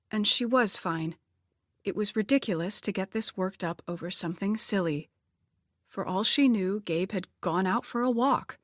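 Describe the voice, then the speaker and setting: A woman's voice: lowish voice, no echo. Woman narrating an audiobook, dry close mic. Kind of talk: scripted narration.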